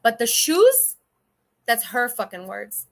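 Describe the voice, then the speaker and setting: A woman's voice: fairly high pitch, wildly swooping pitch, slow pace, gravelly. A woman in her thirties hosting a livestream, chatting casually in a blunt, profane and indignant way, rambling with restarts. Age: 30s. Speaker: livestream host.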